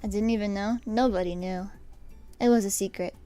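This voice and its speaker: A woman's voice: mid-range voice, fairly even intonation, fairly quick, dark tone, faint music behind. A young woman streaming herself painting her nails, chatting with viewers in a rambling, self-deprecating way. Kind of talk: casual chat while painting nails on stream.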